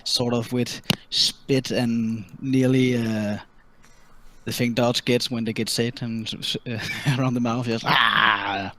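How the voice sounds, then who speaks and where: A man running a tabletop game as dungeon master, narrating enemy moves in a relaxed, laughing, somewhat halting way. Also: mid-range voice. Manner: relaxed, laughing, often hesitant.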